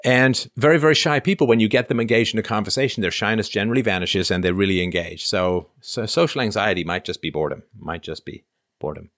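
Deep-voiced man rambling through viewer questions. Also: fast talker, a bit bright, dry recording, studio quality. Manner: rambling, self-interrupting, reads questions aloud. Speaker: podcast host reading viewer comments. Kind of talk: casual livestream chat.

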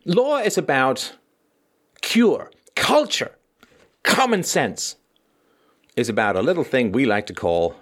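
A man's voice: medium pitch, fairly bright tone. A man hosting a livestream, delivering a sarcastic, theatrical commentary monologue. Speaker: host and philosopher.

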